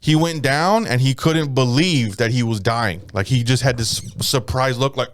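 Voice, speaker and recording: A man's voice: medium pitch, moderate pace, slight background noise. A man casually retelling a story on a podcast, cursing freely and voicing the people in it. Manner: profane, animated retelling with voiced quotes. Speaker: podcast co-host.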